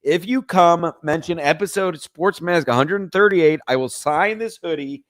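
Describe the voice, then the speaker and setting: A man's voice: on the high side, unhurried, a bit bright. A young man hosts a sports podcast livestream, reading viewers' chat aloud and bantering crudely. His talk rambles and keeps joking. The sound is dry and close, with no room echo.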